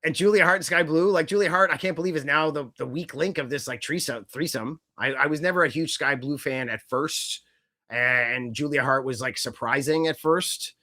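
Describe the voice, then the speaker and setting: A man co-hosting a casual wrestling podcast, rambling and animated, swearing casually as he talks. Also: on the high side, normal speed. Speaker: podcast co-host.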